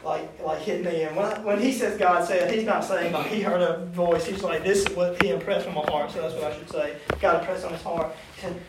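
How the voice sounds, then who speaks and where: A man's voice: sits high, fairly even intonation, fairly quick, hardly any pauses. A man teaching a youth Bible study in a casual, conversational way, often asking the class questions. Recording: echoey room, distant mic, faint noise.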